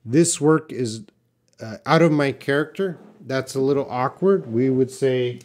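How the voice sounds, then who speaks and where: A Canadian man hosts a live English Q&A, working through viewers' comments one by one. He talks to them directly and bluntly. His voice sits at an ordinary, mid-range pitch for a man. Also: a little slow, a little mellow. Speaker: English teacher. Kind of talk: live-stream Q&A lesson.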